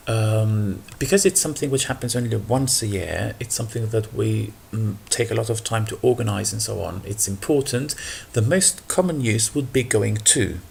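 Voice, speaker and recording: Gravelly-voiced man teaching English grammar. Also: fairly low pitch, normal speed, a little mellow, slight background noise. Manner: unscripted, patient, with frequent ums and repeated examples. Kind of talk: explaining grammar lesson.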